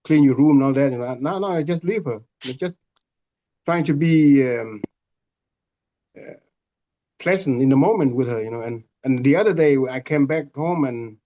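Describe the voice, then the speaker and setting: A man in a group video call, speaking hesitantly with many pauses and restarts. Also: medium pitch, dark tone, lo-fi sound. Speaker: group participant.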